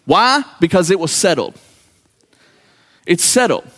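A middle-aged pastor preaches with a high, light voice. He lets his sermon run on and slips into little voices when he quotes people. The tone is that of preaching, not of chat. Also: animated, measured pace, pauses often, fairly bright tone, long reverb tail.

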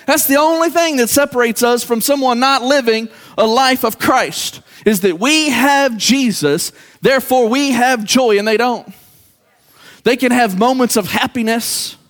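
A middle-aged pastor preaches with a high, light voice. He lets his sermon run on and slips into little voices when he quotes people. The tone is that of preaching, not of chat. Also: fairly bright tone, big-room sound.

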